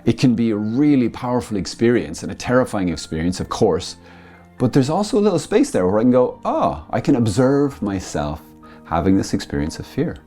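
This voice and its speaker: A Catholic priest gives a conversational spiritual talk in a medium-pitched voice, speaking quickly with faint music behind him. He explains through everyday family examples and acts out quoted voices with lively rises in pitch.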